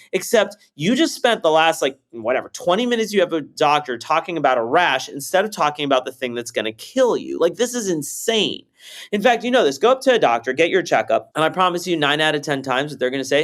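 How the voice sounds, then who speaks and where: Man, fairly high voice, very lively intonation, casual, swears, acts out dialogue. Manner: animated storytelling, acts out quotes, swears freely. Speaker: startup founder, podcast guest. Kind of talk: casual conversational explaining.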